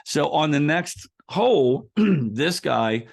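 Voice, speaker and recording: A man's voice: on the high side, sing-song, slow pace, creaky, husky. A man speaking as an author and coach in a conversational interview, explaining ideas through a long personal anecdote with frequent restarts.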